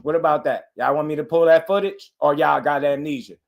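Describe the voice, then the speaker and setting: A man's voice: on the high side, a little fast, gravelly, highs cut off. Insistent man on a live boxing stream. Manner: animated, insistent, repeats himself, calls out viewers. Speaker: boxing show host. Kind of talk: live-stream boxing talk, answering chat.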